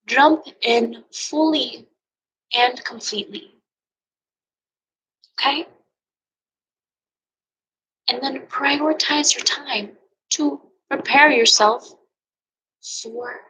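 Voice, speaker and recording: A woman yoga teacher giving an earnest, emotional motivational talk, sometimes dropping into soft near-whispers. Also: high-pitched, low-quality recording. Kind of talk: personal motivational monologue.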